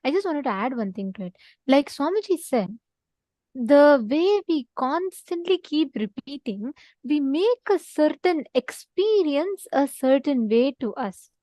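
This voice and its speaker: Woman, spiritual teacher, earnest and repetitive; high voice, dry close sound. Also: big pitch swings, a little slow, dark tone, no room sound. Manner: earnest, repetitive, prompts listeners to respond. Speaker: spiritual teacher in an online session. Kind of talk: spiritual talk to an online audience.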